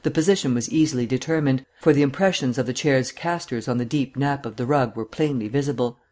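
A man reading a mystery novel aloud as narrator, with a steady, measured delivery. His voice sits at an ordinary middle pitch for a man. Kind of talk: audiobook narration.

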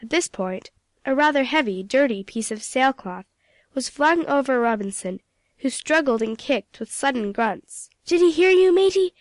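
Storybook narrator, woman, fairly high voice, dry close recording. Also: expressive, normal speed, no room sound. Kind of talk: storybook reading.

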